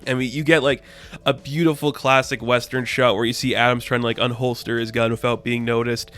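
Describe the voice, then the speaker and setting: Male comic reviewer, mid-pitched, smooth clean voice, talks loose and excitable, quiet music under him. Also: fairly quick. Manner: excitable, slangy, peppers talk with "man" and "crazy". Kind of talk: casual review monologue.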